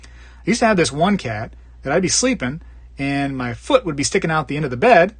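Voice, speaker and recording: There's a sing-song quality to this stream host's slightly quick, breathy speech, recorded without echo. Hailing from Florida, he reads chat messages in a rambling, jokey way, now and then putting on squeaky voices for bits.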